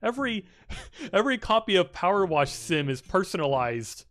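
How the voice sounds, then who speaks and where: A young man streaming a video game and commenting casually, excitable and rambling, swearing often and filling his speech with "like". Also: high voice, moderate pace.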